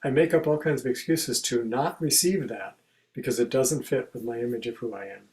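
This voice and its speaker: A man giving a contemplative spiritual talk in a conversational way, acting out everyday examples as quoted speech and going soft and quiet on key phrases. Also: mid-range voice, fairly quick, rough recording. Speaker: spiritual teacher and speaker.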